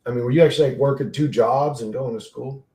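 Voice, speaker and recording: Casting: male livestream host, gravelly mid-range voice, loose profane rambling, echoey room. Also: medium pitch, fast, warm tone. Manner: rambling, profane, reads chat aloud. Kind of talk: casual livestream chat.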